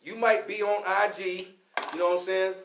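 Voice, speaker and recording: A man from Kentucky delivers a fiery, slangy lecture as a class teacher. His voice sits a little high and he leans on "you know what I'm saying." The room around him rings with echo. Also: flat delivery, moderate pace, gravelly, fairly bright tone. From Louisville, Kentucky, US. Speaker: class teacher on a radio show. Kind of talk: preaching street-talk lecture.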